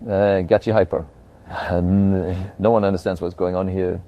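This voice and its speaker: A man's voice: deep voice, flat delivery, measured pace, dry recording, highs cut off. An AI voice of a man playing a crude, sarcastic, irritable streamer. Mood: whiny. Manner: swearing, sarcastic, whiny.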